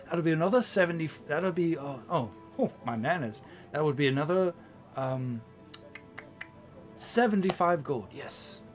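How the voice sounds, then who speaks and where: A man's voice: a little high, expressive, normal speed, soft background music, natural voice. A man voicing a courteous older male spell merchant with a polite, fawning manner. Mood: hurried politeness. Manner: polite, fawning, calls everyone "my friend".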